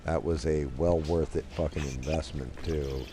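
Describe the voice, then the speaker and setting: A man's voice: extremely low pitch, steady tone, normal speed, dark tone, slight background noise. A middle-aged man hosting a stream, chatting casually and rambling while gaming, swearing offhandedly into a desk microphone. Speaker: streamer, host.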